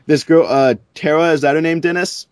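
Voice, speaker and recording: A man's voice: on the high side, fairly even intonation, brisk, a little mellow, no echo. A man hosting a casual interview, easygoing and a bit hesitant. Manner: easygoing, hesitant, laughs along. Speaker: podcast host.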